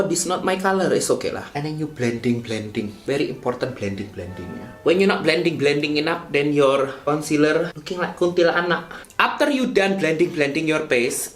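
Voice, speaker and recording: A man's voice: fairly high pitch, echoey room, natural voice. A man voicing a chatty Indonesian-accented makeup tutor who speaks broken English and repeats words playfully, in a comedic makeup tutorial. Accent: Indonesian (Javanese-style).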